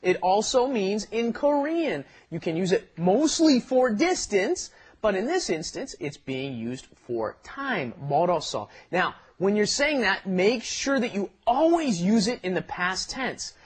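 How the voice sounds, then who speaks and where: A man's voice: sits high, big pitch swings, unhurried, husky. A man co-hosting a language lesson, explaining phrases in a chatty way and laughing as he goes. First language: English. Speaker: co-host of a Korean lesson podcast.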